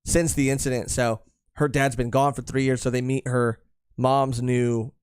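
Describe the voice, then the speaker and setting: A man's voice: medium pitch, level tone, normal speed, a little mellow, smooth, no room sound, clean studio sound. A young man co-hosting a podcast, chatting casually and jokingly with many fillers and restarts. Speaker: podcast co-host. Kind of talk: casual chat reviewing a manga.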